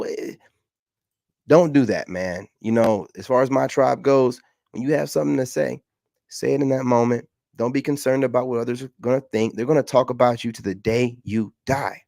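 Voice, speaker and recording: A male host giving casual reaction commentary in a gravelly voice. He lectures bluntly and hammers his points through repetition. The sound is close and dry, with no room around it. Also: mid-range voice, a little mellow, dry recording. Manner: blunt, lecturing, repeats himself.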